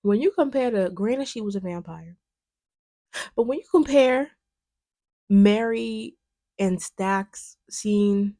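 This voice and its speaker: A young woman, chatting in a lively, casual way about a film, with lots of fillers. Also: mid-range voice, no room sound. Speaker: video essayist. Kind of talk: casual film commentary chat.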